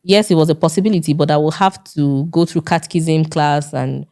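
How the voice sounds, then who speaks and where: Speaking as an interview guest, a woman with a Nigerian accent and a notably low, warm voice recounts her own story a little fast, with fairly even intonation. She's earnest, repeats herself often and acts out the remembered dialogue.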